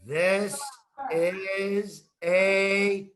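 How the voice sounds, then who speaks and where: Very slow bright-voiced teacher. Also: mid-range voice, flat delivery, slight background noise. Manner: slow, drawn-out words, repeats key words and prompts children to say them. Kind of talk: reading a picture book aloud to young children.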